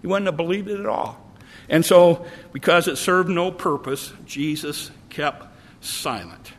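A man's voice: on the high side, expressive, unhurried, fairly bright tone, long reverb tail. A man preaching a sermon, earnest and repetitive, reading scripture aloud and explaining it verse by verse. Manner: earnest, repeats words, reads scripture aloud.

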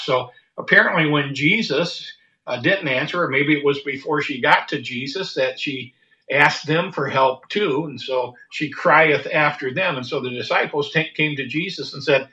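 A man preaching a sermon in a halting way, stumbling over repeated words and fillers. His voice is bright and a little high for a man. The recording is dull and lo-fi.

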